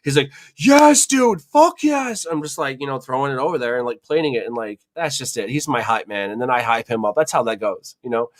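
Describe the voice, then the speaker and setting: A podcast host with a medium-pitched, slightly bright voice tells a kitchen story quickly, barely pausing. It's casual storytelling chat, loose and rambling, packed with swearing and fillers.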